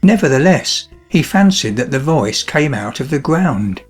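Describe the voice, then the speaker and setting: A man narrating a fairy-tale audiobook in an expressive storytelling style. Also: mid-range voice, a little slow, slightly rough, faint music behind.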